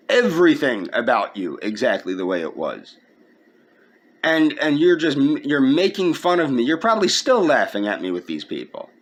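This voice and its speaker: A man in a personal video rant, aggrieved and indignant, repeating his points. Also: mid-range voice. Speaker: vlogger.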